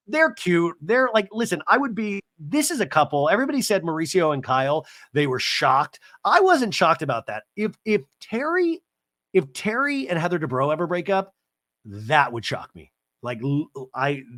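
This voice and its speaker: A man hosting a podcast, recapping a reality show with rapid, sarcastic asides. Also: a little high, fairly bright tone, no echo, studio quality. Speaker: podcast host. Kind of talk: comedic TV recap.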